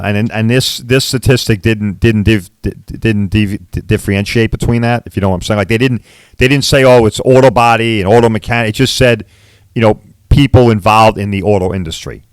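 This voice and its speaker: A middle-aged man from Long Island, New York, who runs a body shop, hosts a podcast and rants casually in blunt terms, habitually repeating "all right" and "right?" His voice is lowish and smooth, with no echo.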